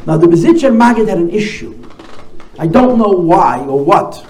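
Animated storytelling rabbi, high voice. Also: male voice, normal speed. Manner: animated storyteller, repeats key phrases. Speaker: rabbi giving a talk. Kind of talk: storytelling talk at a gathering. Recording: echoey room, faint noise.

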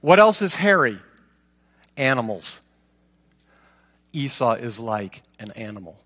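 A man's voice: medium pitch, very animated, slow, sharp tone, long reverb tail. A man reading scripture aloud and stopping to comment with rhetorical questions. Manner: reads aloud, then asks rhetorical questions. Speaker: Bible teacher.

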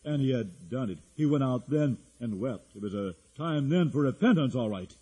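A man's voice: mid-range voice, lively intonation, normal speed, warm tone, breathy edge. A man preaching a sermon as a pastor, in earnest, with frequent restarts. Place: church hall. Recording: echoey hall.

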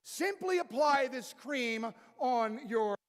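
A man mimicking a male skincare advert announcer with a slow, drawn-out sales pitch. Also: lively intonation, exaggerated voice. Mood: salesy. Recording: echoey hall with long reverb.

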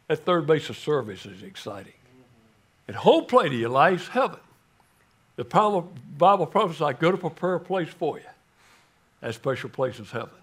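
An older man preaching a sermon, telling a story dramatically and swinging from loud calls to hushed words. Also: fairly high pitch, sing-song, normal speed, pauses often, breathy edge. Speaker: guest preacher.

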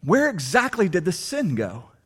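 A man preaching a sermon, asking the congregation rhetorical questions and swinging between soft and emphatic delivery. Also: sits high, normal speed, husky. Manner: animated, rhetorical questions, shifting loud and soft. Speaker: pastor.

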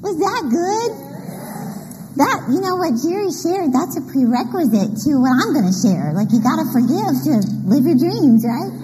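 A middle-aged woman giving an animated, story-filled motivational church talk, laughing often. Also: sits high, moderate pace, hardly any pauses. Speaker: women's conference speaker. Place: church hall. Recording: reverberant hall mic, faint noise.

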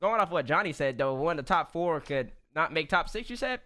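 A man's voice: a little high, lively intonation, brisk, sharp tone. A man giving his takes in casual panel chat, rambling and often repeating himself. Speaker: panel guest.

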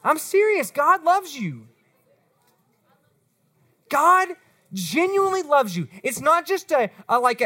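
Woman youth pastor, high voice, swinging pitch, animated sermon. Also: takes it slowly, long pauses. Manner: animated, talks straight to the students. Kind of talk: sermon to middle school students.

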